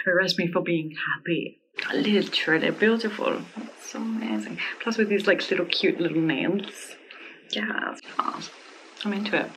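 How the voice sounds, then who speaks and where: A woman vlogging a casual product review at home, gushing and excitable, with many "like" fillers and frequent giggles. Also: on the low side, a little hiss or hum, poor audio. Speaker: beauty vlogger reviewing a wig.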